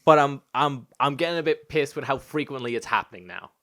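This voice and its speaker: A young Irish-accented man with a slightly American lilt chats on a podcast, his pitch leaping up whenever he gets exasperated. His delivery is lively and loose, full of swearing and mock outrage. He has a mid-range voice. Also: a little fast. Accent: Irish with an Americanised tinge. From Spain. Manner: animated ranting, swears freely, jumps high when exasperated. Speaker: podcast co-host. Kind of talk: casual podcast chat.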